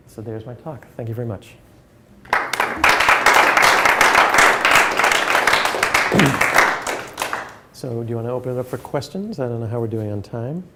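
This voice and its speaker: Earnest male lecturer, measured delivery. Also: mid-range voice, bright, forceful tone, a little hiss or hum. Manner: earnest, measured, with frequent restarts. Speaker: academic speaker. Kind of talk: lecture with questions.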